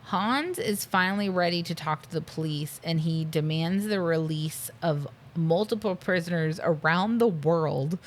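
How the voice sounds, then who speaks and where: A woman co-hosting a film podcast, casually recapping the plot with frequent laughter and quick impressions of the characters. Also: fairly low pitch, slight background noise. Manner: chatty, laughs often, quotes characters in silly voices. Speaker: podcast co-host. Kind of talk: casual movie recap chat.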